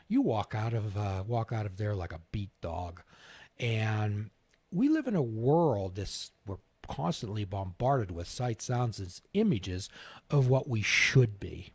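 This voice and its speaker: A man's voice: on the low side, expressive, moderate pace, slightly rough, dry recording. A man hosting a talk show, making his points with homespun anecdotes in a conversational way. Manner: folksy, illustrates points with anecdotes. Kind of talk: conversational interview, storytelling.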